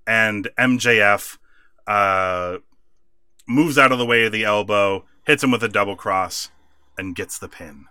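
A man's voice: on the low side, unhurried, bright, forceful tone, smooth, no room sound, clean studio sound. A man co-hosting a podcast, animatedly recapping a wrestling show in casual chat and laughing often. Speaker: podcast co-host.

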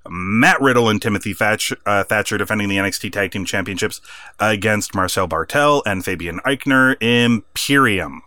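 A man's voice: lowish voice, normal speed, sharp tone, no room sound. A man co-hosting a podcast, recapping a wrestling show in casual chat and acting out the wrestlers' lines. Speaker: podcast co-host.

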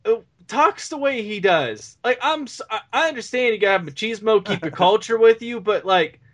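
A man's voice: high-pitched, lively intonation, moderate pace, a bit bright. A man co-hosting a podcast, ranting about a bad movie in casual banter, swearing and laughing. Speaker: podcast co-host.

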